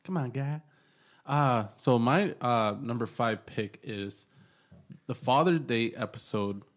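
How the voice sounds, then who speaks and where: A man's voice: medium pitch, slow pace. Man hosting with hesitant filler-laden chat. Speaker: podcast co-host. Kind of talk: casual chat.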